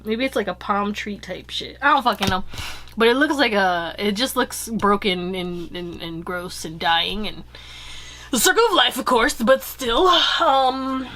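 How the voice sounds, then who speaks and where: A woman's voice: medium pitch, measured pace, bright, forceful tone, a little hiss or hum. A woman giving a casual pick-a-card tarot reading, chatty and blunt, swearing freely and giggling.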